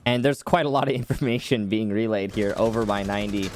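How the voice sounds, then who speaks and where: Man calling esports play-by-play. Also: lowish voice. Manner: quick, wry play-calling with dry jokes. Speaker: esports caster. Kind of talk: play-by-play commentary.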